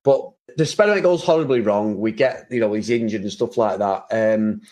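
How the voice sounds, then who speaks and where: A man co-hosting a casual film review chat, animated and often laughing, with mock-serious asides. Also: fairly low pitch, brisk. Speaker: podcast co-host.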